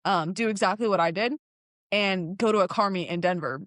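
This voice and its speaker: Lively young woman telling a story. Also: mid-range voice, a little fast, dry recording, studio quality. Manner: animated, laughs often, acts out quoted lines. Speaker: guest telling her car story. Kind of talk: casual storytelling chat.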